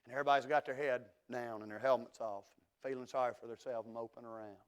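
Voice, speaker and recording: A middle-aged man, preaching a sermon in a church and swinging from hushed asides to loud declarations. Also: mid-range voice, fairly even intonation, quick pace, clean tone. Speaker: pastor. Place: church sanctuary.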